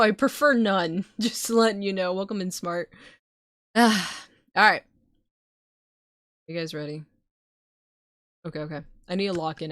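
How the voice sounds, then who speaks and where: A woman streamer, not a native English speaker, talks casually to her chat with frequent laughs and swearing. Her voice sits in a middle pitch, recorded close and dry with little room sound. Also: a bit bright, no echo. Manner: loose, swearing, laughs often. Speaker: streamer reading a book aloud.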